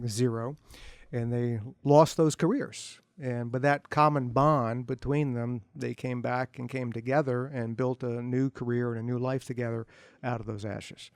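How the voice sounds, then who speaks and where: A man's voice: mid-range voice, no echo, studio quality. Middle-aged man telling funny stories. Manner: relaxed anecdotal delivery with self-deprecating humor. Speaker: author speaking at a book event. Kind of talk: humorous storytelling talk to an audience. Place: bookstore event.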